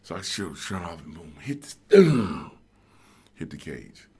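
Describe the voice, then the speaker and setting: A middle-aged man telling a story as a guest in casual chat, excitable and halting, acting out voices and sounds. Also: low voice, husky.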